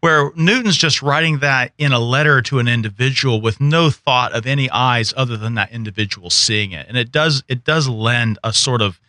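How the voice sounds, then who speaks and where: A man's voice: mid-range voice, moderate pace, few pauses, sharp tone, dry recording, clean studio sound. A man hosting a podcast interview, talking in a thoughtful, conversational way with frequent restarts. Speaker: podcast host.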